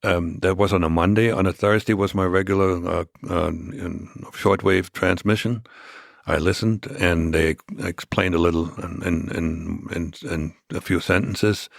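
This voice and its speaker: A man as a podcast guest, recounting past events in a measured, reflective way during a conversational interview. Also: deep voice, steady tone, creaky, no echo, clean studio sound.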